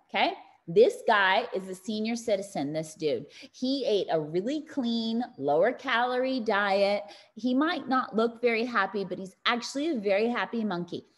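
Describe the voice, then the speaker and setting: Woman, motivational wellness talk, animated storytelling, speaks directly to the audience, medium pitch. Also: normal speed.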